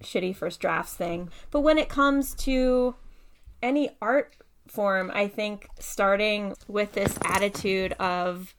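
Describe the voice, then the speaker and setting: A woman poet with a mid-range voice speaks slowly, and there's a little hiss or hum in the recording. As a guest speaker, she talks casually and thoughtfully about writing, reading poetry too and often saying "like" and "right."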